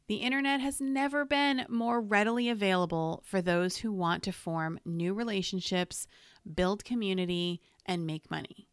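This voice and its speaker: A woman's voice: mid-range voice, clear, resonant tone, no room sound, studio quality. A woman hosting a solo podcast from home, talking in a candid, conversational and encouraging way into a podcast microphone. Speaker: podcast host.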